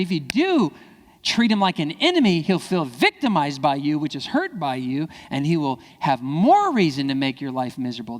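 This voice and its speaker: A man giving a lively keynote speech to parents, acting out quoted kids and parents in high voices. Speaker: keynote speaker. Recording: hall reverb.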